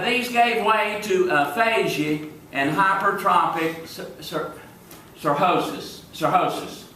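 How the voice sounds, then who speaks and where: Southern male comic spinning slow folksy tales live, recorded from a distance in a booming echoey hall. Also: bright, forceful tone, slight background noise. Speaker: comedic entertainer in character as a small-town deputy. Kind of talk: folksy stand-up storytelling to a live audience. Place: live venue before an audience. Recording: echoey room, distant mic.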